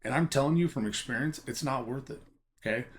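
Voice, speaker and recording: A man's voice: medium pitch, brisk. A man talking casually to camera about collecting and selling trading cards, emphatic and chatty, often checking in with "okay?". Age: adult teaching a college class. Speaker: Pokémon card collector and seller.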